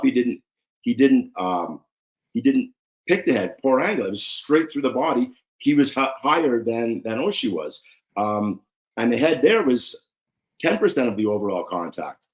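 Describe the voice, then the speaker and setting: A man, a former referee, talking casually as a guest in an interview and telling animated stories. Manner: animated storyteller, acts out quotes with raised pitch.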